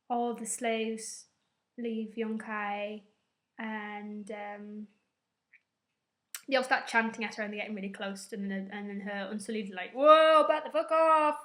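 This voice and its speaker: A woman's voice: a little high, level tone, unhurried, a bit bright. A young woman rambling through a casual recap to camera, with loose fillers and a bit of swearing. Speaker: vlogger.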